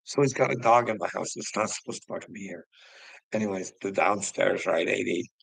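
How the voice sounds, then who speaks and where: A man's voice: on the low side, a little fast, vocal fry, a bit bright, breathy edge, no room sound, low-quality recording. A middle-aged man ranting heatedly to his livestream chat, swearing a lot and laughing often. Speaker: livestream host talking to chat. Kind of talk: casual livestream rant.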